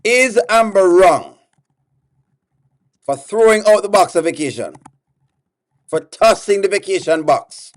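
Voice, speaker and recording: A man's voice: high-pitched, animated, moderate pace. A man reacting on a live stream, exasperated and pleading with his chat, repeating himself over and over.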